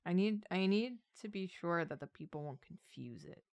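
A woman's voice: on the low side, expressive, normal speed. A woman co-host talks through her drawing choices as she works. Her mid-range voice moves expressively, but her delivery is hesitant and dry. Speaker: show host. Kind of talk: casual chat while drawing.

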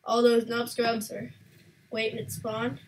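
A woman giving live gameplay commentary as a gaming channel host, excitable and playful, quick to exclaim and tease. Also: on the high side, slight background noise.

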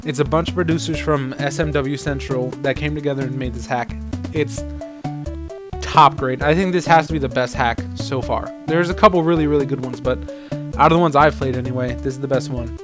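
A man's voice: mid-range voice, a little fast, over music. A man giving rambling, casual let's-play commentary over a video game and swearing now and then. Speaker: gaming channel host.

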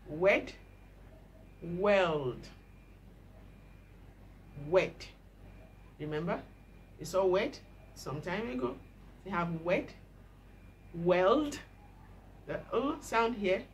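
Very slow, careful woman teaching pronunciation. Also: medium pitch, slight background noise, poor audio. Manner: spells words letter by letter and repeats them with exaggerated care. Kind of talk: slow, drawn-out pronunciation lesson.

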